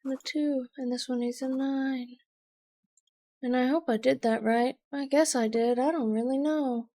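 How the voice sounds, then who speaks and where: A woman's voice: high voice, fairly even intonation, moderate pace, warm tone. A woman streaming a game, thinking aloud as she works through a puzzle, muttering and exasperated. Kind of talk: live game commentary. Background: background music.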